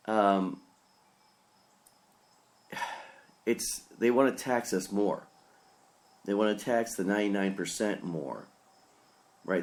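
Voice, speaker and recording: A man with a very low voice talks through a casual solo podcast as its pastor host. He is opinionated and rambling, and stays earnest as he works through his points. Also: a little mellow.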